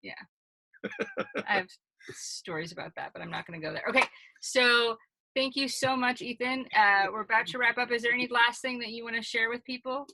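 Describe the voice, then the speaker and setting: A woman co-hosting a podcast, friendly and quick to laugh. Her voice is bright and a little high. It sounds dry and close to the mic. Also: vocal fry, no echo, rough recording. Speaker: podcast co-host. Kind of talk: casual interview chat.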